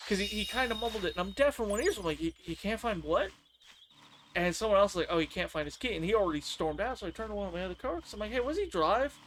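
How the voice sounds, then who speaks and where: A man streaming a game, telling work stories in a casual, animated way and acting out his coworkers' lines. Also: sits high, very fast, a little hiss or hum. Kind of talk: casual storytelling on a live stream.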